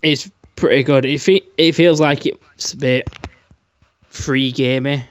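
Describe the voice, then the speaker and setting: A man's voice: medium pitch, fairly even intonation, a little slow, no room sound, muffled recording. A man co-hosting a casual gaming podcast, loose and sweary, laughing easily. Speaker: podcast co-host.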